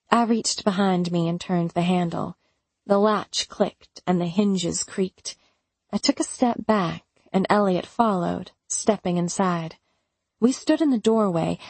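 A woman with a soft, breathy voice narrating a first-person audiobook intimately. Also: fairly low pitch, no echo.

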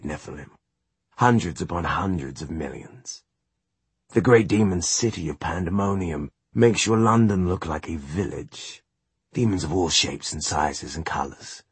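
Guy putting on a hissy bratty little demon, kinda husky, dry close sound. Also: sits low, animated, normal speed, dry recording, heavily acted. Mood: condescending. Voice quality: hissing, petulant. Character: small malicious blue demon, sulky and bloodthirsty.

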